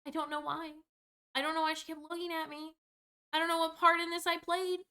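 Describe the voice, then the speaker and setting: A woman's voice: extremely high pitch, flat delivery, normal speed, sharp tone. A young woman vlogger telling a storytime rant, exasperated and rambling, swearing freely as she goes.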